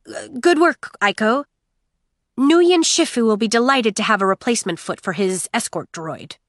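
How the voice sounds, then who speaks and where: A woman's voice: fairly high pitch, lively intonation, moderate pace, dry recording, clean studio sound, lightly acted. A woman voicing a young female mechanic in an audiobook, wry and matter-of-fact. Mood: nervous.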